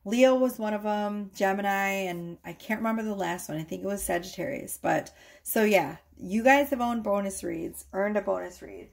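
A woman tarot reader chatting casually to her viewers, rambling a little and often checking in with a quick "okay?". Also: medium pitch, vocal fry, a little mellow.

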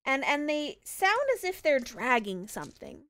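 A woman's voice: sits high, very animated, moderate pace, fairly bright tone, no room sound. A woman narrating as game master of an online tabletop game, rambling with frequent restarts.

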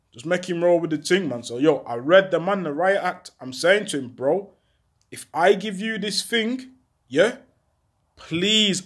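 A young man telling a street story in an animated, slang-heavy way, acting out other people's lines. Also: a little high, breathy edge. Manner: animated, slangy, acts out voices loudly. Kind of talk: casual storytelling to camera.

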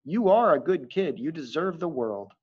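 A man's voice: on the high side, big pitch swings, normal speed, darkish tone, breathy edge, pitched above the performer's own voice. A man voicing an earnest, passionate male teacher who speaks with urgent pleading, in a dull lo-fi recording. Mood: tender. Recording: dull lo-fi audio.

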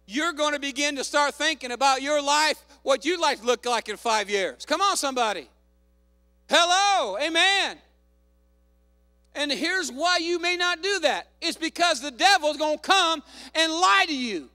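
A man pastor preaching a fervent sermon, calling out hallelujahs and shouting to the congregation. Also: extremely high pitch, moderate pace, no echo, studio quality.

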